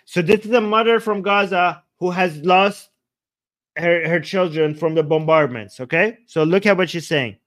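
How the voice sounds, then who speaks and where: A man's voice: sits high, moderate pace, very noisy. Combative man hosting a livestream. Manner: combative, insulting, rambling, talks while screen sharing. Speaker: livestream host. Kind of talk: heated livestream reaction commentary.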